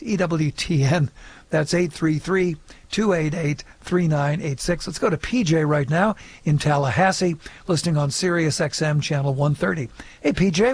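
A man hosting a call-in radio show, reading out the phone number and taking callers in a brisk, announcer-like way. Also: fairly high pitch, dry recording.

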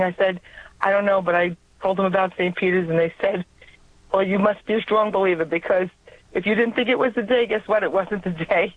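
A woman's voice: mid-range voice, fairly quick, dry recording. A woman with a New York accent calling in to a radio show, earnestly telling a personal faith story. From New York area. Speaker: radio caller. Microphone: telephone. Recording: tinny phone line.

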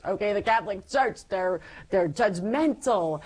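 A woman as an interview guest, giving a personal faith testimony as a lively storyteller who acts out her past self. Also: medium pitch, normal speed, hardly any pauses, low-quality recording.

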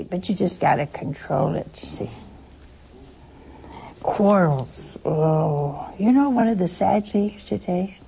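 A woman's voice: medium pitch, gravelly, dark tone, slight background noise. An older woman giving a chatty, conversational sermon to a broadcast audience, telling stories and asking her listeners rhetorical questions. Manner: chatty storytelling, asks the audience rhetorical questions, laughs often. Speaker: religious speaker addressing a broadcast audience.

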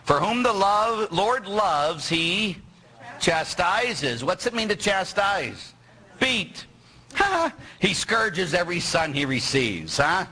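A middle-aged male priest giving a lively sermon, teasing and quizzing his congregation. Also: sits high, slow pace, husky, rough recording. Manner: animated, teasing, asks the audience questions.

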